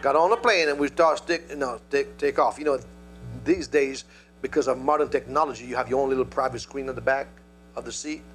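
A male preacher delivering a sermon, telling a story and calling out to the congregation in an animated way. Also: mid-range voice, fairly quick, a little hiss or hum.

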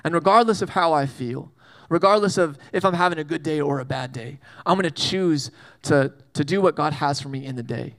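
A man's voice: a little high, brisk, fairly bright tone. A man preaching a casual sermon, telling a Bible story with jokes and acted-out asides. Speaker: pastor.

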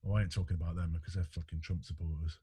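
A man's voice: low voice, little pitch movement, very fast, dark tone, husky. A man hosting a podcast in casual chat, sweary, laughing often and trailing off mid-sentence. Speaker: podcast host.

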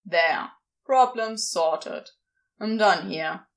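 A woman's voice: medium pitch, very slow, gravelly. A woman voicing an irritated, sarcastic male demon who scolds and mocks. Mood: scornful. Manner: exasperated, scolding.

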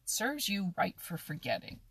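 A woman's voice: on the low side, big pitch swings, a little slow, fairly bright tone, slightly rough, dry recording, full character voice. A woman voicing a stern old female fox in a storybook reading, snapping and scolding.

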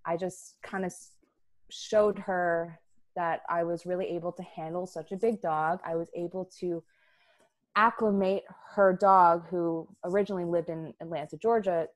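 A woman telling her story as a guest in a casual interview, chatty and lively, with plenty of fillers. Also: on the low side, normal speed, no room sound. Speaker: guest, dog business owner.

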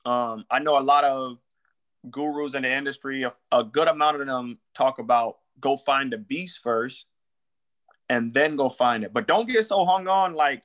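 A man's voice: mid-range voice, normal speed, fairly bright tone. A man, a real estate wholesaler, chatting casually on a podcast in loose slang and acting out sample phone calls.

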